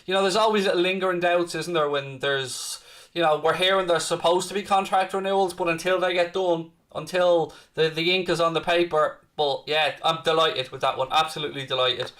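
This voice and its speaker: A man with a fairly high voice hosts a live fan stream. He chats in a loose, upbeat way and picks up viewer comments as he goes. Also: steady tone, fairly quick, a bit bright. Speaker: fan channel host.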